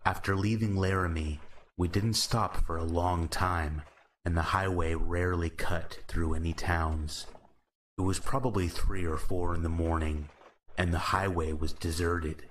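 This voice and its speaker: A man narrating horror stories in a slow, measured, calm scripted style. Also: sits low, slight background noise.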